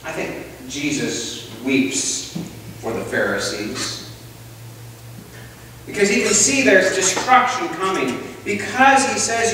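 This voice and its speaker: A man's voice: sits high, sing-song, slow pace, noisy background. A male pastor preaching a sermon in church, telling a story and putting questions to the congregation. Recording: echoey church hall, distant mic.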